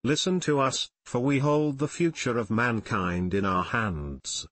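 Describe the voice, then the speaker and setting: A man voicing an earnest, pleading young male outcast inventor in an audiobook, with a husky voice. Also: mid-range voice, unhurried, a bit bright, no echo.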